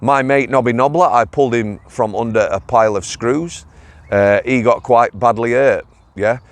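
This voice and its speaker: A middle-aged man from Greater Manchester tells his prison tales in a blunt, chatty way, slipping into local dialect words. His voice sits at an everyday medium pitch. The recording is dry and close, with little room sound. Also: normal speed, no echo. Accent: Northern English, Greater Manchester. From England. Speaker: former prison officer and channel host. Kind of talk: casual storytelling vlog.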